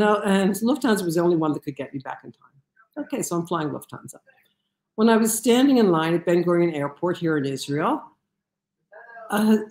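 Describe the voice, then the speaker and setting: A woman telling a personal story in an animated way, with many fillers and restarts. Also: fairly low pitch, reverberant. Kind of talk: storytelling talk.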